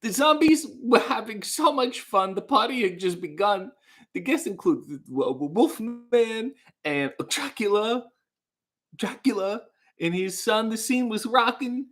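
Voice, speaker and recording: A man's voice: high-pitched, lively intonation, a little slow, a bit bright, pitched above the performer's own voice, exaggerated voice. A man doing a crooning horror-show mad scientist. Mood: spooky crooning. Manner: sung-spoken horror novelty lyrics.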